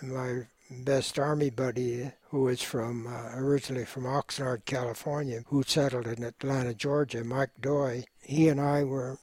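An older man, a war veteran, speaking in an oral history interview in a measured, reflective way with frequent pauses and fillers. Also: medium pitch, little pitch movement, darkish tone, slightly rough, no echo.

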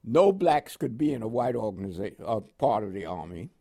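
A man's voice: on the low side, fairly quick, vocal fry, breathy edge. An older man from Panama with a New York accent tinged with West Indian inflections, recounting his army years in an oral history interview and laughing now and then. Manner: animated storyteller with laughs and quoted dialogue. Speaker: interviewee, veteran.

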